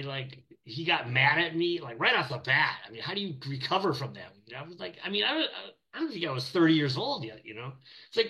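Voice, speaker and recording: A middle-aged man with a fairly high, bright voice tells stories in a casual interview. His pitch swings widely, and he rambles, trips over his words and restarts as he goes. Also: poor audio. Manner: rambling, animated storyteller with many restarts. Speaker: animator guest.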